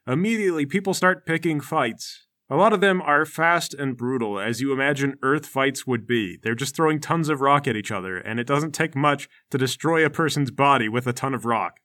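A man's voice: medium pitch, moderate pace, few pauses, sharp tone. A man running a tabletop game, narrating the scene with playful energy and sound effects. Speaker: game master.

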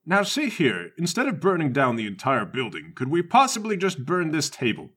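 A man's voice: a little high, wildly swooping pitch, moderate pace, a bit bright, husky, full character voice. A man voicing a timid, apologetic old male congressman who keeps trying to negotiate, in a tabletop game. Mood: placating. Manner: fussy, bureaucratic, apologetic.

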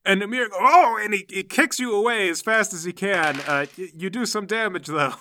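A man's voice: high voice, normal speed, pushed and bright, slight background noise. A man narrating a tabletop game as game master, giving vivid play-by-play.

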